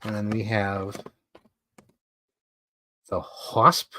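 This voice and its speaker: In a dry recording, a man with a fairly low, sharp, flat voice speaks very slowly as he live streams his collectibles. He chats casually and rambles on as a fan, using many fillers.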